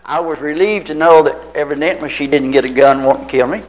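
A man's voice: fairly high pitch, quick pace, low-quality recording. A man in his seventies from Tennessee, preaching a sermon told as a folksy personal story full of rhetorical questions. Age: 70s. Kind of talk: anecdotal sermon.

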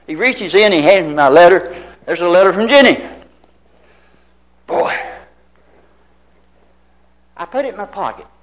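This high-pitched, expressive male voice belongs to a Tennessee preacher in his seventies delivering a sermon built around a homespun personal tale and plenty of rhetorical questions. He keeps a measured pace with long pauses, over slight background noise on a low-quality recording.

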